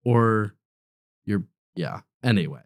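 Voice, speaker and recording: A man's voice: lowish voice, expressive, takes it slowly. A young man co-hosting a podcast, reacting curiously and asking questions in casual chat. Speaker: podcast co-host.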